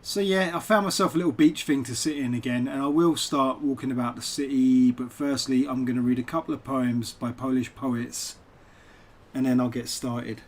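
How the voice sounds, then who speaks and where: A man's voice: mid-range voice, fairly even intonation, normal speed. Chatty man rambling on a live stream. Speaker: poet and game streamer. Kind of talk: casual live-stream chat over gameplay.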